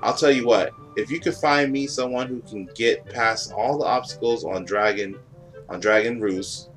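A man's voice: mid-range voice, normal speed, fairly bright tone, lightly acted, low-quality recording. A man reading aloud the lines of a sulky, proud young bird-folk prince from a video game, over game music. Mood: scornful. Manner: petulant, proud, defensive. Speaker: game dialogue reader.

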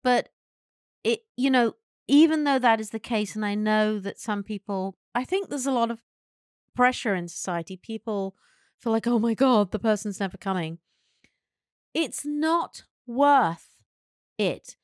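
A woman's voice: a little high, expressive, a little slow, no echo, studio quality. A woman co-hosting a podcast in casual chat, a chatty, giggly storyteller who hands out frank advice. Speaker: podcast co-host.

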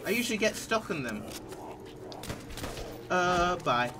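A man's voice: high-pitched, big pitch swings, slow, long pauses, pushed and bright, a little hiss or hum. A teenage male gaming host commenting nervously while he plays, panicky and jittery, with frequent nervous laughter. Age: teens.

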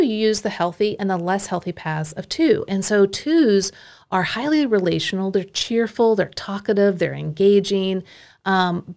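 A woman podcast host and coach, explaining ideas in a clear, teacherly way and listing traits one by one. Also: mid-range voice, darkish tone.

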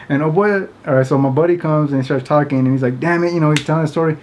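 A man tells a funny story in a loose, rambling way, full of fillers. His voice sits a little high for a man. He keeps breaking into laughter as he talks. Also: fast, darkish tone, slight background noise. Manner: laughs often, rambling, many "like"s. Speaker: vlogger. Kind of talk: casual storytelling.

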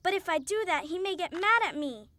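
A woman's voice: very high-pitched, expressive, fairly quick, pushed and bright, dry recording, full character voice. A woman voicing a timid, fretful female cartoon cow who frets anxiously. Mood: scared. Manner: anxious, panicky chatter.

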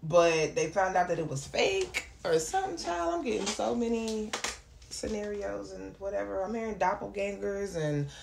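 Excitable woman tarot reader in echoey room. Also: medium pitch, normal speed. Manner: chatty, bursts into excited exclamations. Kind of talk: casual tarot reading to viewers. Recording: echoey room with clear background noise.

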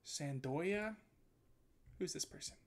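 A man's voice: on the high side, takes it slowly. A man streaming, chatting casually with his viewers and reading chat aloud. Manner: chatty, reads chat aloud, animated swings.

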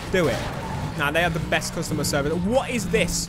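A young man on a headset, chatting through a let's play with excitable outbursts. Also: high voice, fast talker. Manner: chatty, excitable, bursts into loud exclamations. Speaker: gaming YouTuber. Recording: game music loud behind voice.

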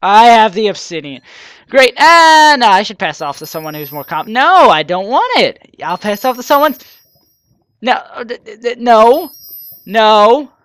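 A male gamer narrates his play in a loose, rambling way, often joking at his own expense. His voice is clear and resonant and swings widely up and down. The recording is close and dry, with no room sound. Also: high-pitched, sing-song, measured pace, a bit bright, dry recording. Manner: rambling, self-mocking with joking asides. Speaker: gaming channel host. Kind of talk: let's play commentary.

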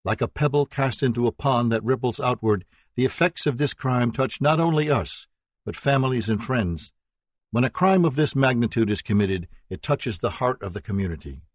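A man's voice: mid-range voice, breathy edge, no echo, lightly acted. A man voicing a woman who survived a crime giving an earnest, solemn statement to a court.

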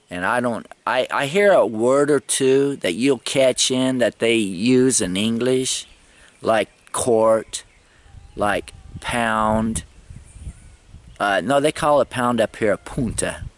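A man's voice: mid-range voice, takes it slowly. A middle-aged man in a casual travel vlog, rambling and chuckling as he tells stories. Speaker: travel vlogger.

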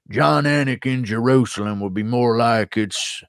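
A man's voice: medium pitch, normal speed, vocal fry, few pauses, no room sound. A man hosting a live stream, reading out donations and answering chat questions in a blunt, profane, rambling way. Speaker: streamer host.

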